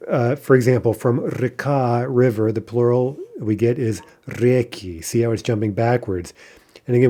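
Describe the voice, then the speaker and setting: Mellow-voiced man teaching a grammar lesson. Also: mid-range voice. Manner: explains patiently, often adds "right?", slows to pronounce example words. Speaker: language teacher.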